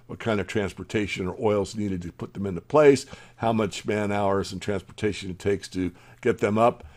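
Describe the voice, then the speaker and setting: Deep-voiced guy reading headlines then giving his two cents, trails off low at the ends. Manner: opinionated asides between read-out headlines. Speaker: newsletter host. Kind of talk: reading and commenting on news.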